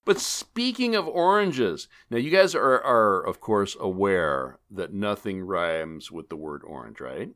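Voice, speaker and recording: A man hosting a comedic gaming podcast, joking theatrically and swinging between loud declarations and quiet asides. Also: deep voice, very animated, a little slow, hardly any pauses. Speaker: podcast host.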